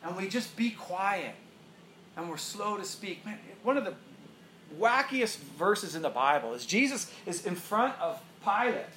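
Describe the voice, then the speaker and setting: A middle-aged man preaching a sermon as pastor, animated and joking, often laughing. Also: sits high, a little slow. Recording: roomy echo, faint room noise.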